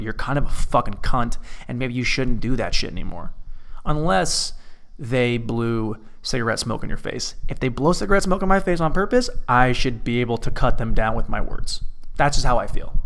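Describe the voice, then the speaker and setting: A man alone in an empty apartment, talking through a rambling, profane comedic monologue full of restarts. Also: medium pitch.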